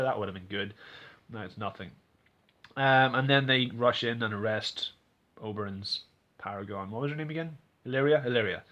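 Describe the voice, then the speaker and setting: A man talks through a TV episode in a loose, rambling recap, full of "you know" and restarts. His voice is bright and forward. Now and then he bursts into loud, high, exaggerated impressions of the characters. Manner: animated, acts out characters' lines in exaggerated voices; rambling with frequent fillers and restarts. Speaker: TV episode reviewer. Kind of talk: casual recap and commentary.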